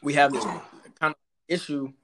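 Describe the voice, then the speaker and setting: A man's voice: a little high, moderate pace, fairly bright tone, a little hiss or hum. A man co-hosting a podcast, talking in a laid-back, blunt, reflective way. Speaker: podcast co-host. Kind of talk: casual chat.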